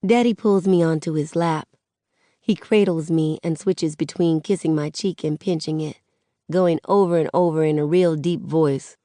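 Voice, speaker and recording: Low-voiced woman narrating a story. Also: steady tone, normal speed, mellow, no room sound, studio quality. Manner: conversational teen-voiced storytelling. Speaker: audiobook narrator. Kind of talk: first-person audiobook narration.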